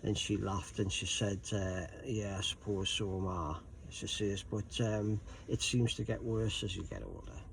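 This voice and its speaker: A man's voice: fairly low pitch, steady tone, unhurried, vocal fry, hardly any pauses, a little hiss or hum, low-quality recording. A middle-aged man, casually telling a rambling story to camera with many ums and restarts. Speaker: vlogger.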